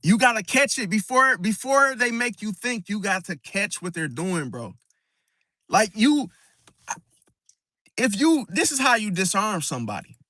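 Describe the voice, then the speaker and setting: A man's voice: sits high, sing-song, measured pace, pushed and bright, dry recording, studio quality. A man hosting an astrology video, talking casually and emphatically, keeps asking "see?" and calling the listener "bro", often restarting and repeating words as he explains. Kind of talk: casual monologue to camera.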